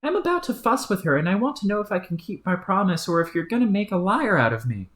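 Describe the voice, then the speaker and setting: A woman's voice: medium pitch, very animated, quick pace, a bit bright, pitched above the performer's own voice. A woman voicing a bratty, scheming young female troll who talks in a smug, bossy, sarcastic way, in a roomy-sounding recording. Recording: roomy echo.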